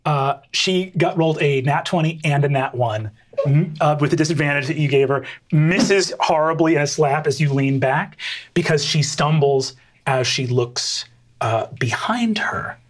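A man's voice: on the high side, normal speed, background noise. A man running a tabletop game as game master, narrating with many ums and uhs. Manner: hesitant, full of ums and uhs.

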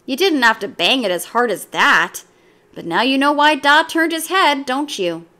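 Brief: a woman playing a caring young gorilla brother, gentle, explains things patiently. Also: high-pitched, lively intonation, moderate pace, pitched above the performer's own voice.

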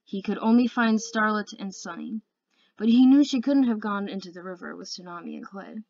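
A woman's voice: mid-range voice, fairly quick, gravelly, a little mellow, dull audio. A woman reading a fantasy novel aloud as an amateur audiobook narrator, earnest and careful, with occasional slips. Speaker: audiobook reader.

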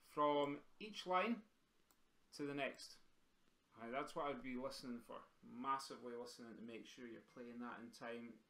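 A man's voice: fairly high pitch, pushed and bright. A man teaching a live drumming lesson over a video call, chatty and encouraging as he counts in and explains the exercises. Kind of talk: live-streamed music lesson. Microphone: computer mic on a video call. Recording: roomy echo with faint drumming.

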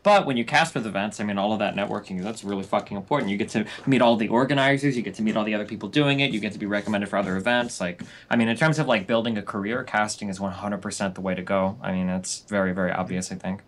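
A man's voice: on the low side, steady tone, fast, few pauses. A man on a gaming panel show talking casually, rambling and filling his talk with "like" and "I mean". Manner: rambling, heavy use of "like" and "I mean". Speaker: pro gamer and caster guest.

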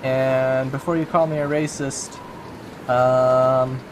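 A man's voice: mid-range voice, level tone, takes it slowly, noisy background. A man giving casual, jokey let's-play commentary, talking to himself while he plays. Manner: chatty, jokey, talks to himself while playing. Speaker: gaming YouTuber.

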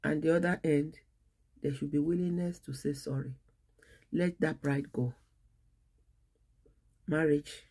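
A woman pastor delivers a sermon in an earnest preaching cadence, breaking her thoughts into short phrases with pauses between them. Her voice carries a gravelly, creaky edge. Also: sits low, fairly even intonation, mellow. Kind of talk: sermon on marriage.

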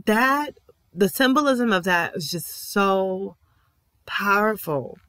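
A woman's voice: medium pitch, animated, takes it slowly, bright, forceful tone, dry recording. A woman giving an earnest, emphatic reaction commentary on a TV episode, repeating affirmations with feeling. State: emotional. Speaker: TV reaction vlogger.

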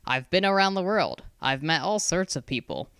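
A narrator voicing a calm, patient male school founder who has travelled the world, in a storybook reading. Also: mid-range voice, normal speed, clear, resonant tone, no room sound, clean studio sound. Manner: calm, patient, gently insistent.

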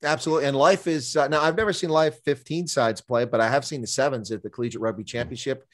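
A male host leads a casual interview at a brisk clip. His words tumble out quickly, and he repeats himself as he thinks aloud. His pitch sits mid-range. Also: fairly even intonation. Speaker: podcast host.

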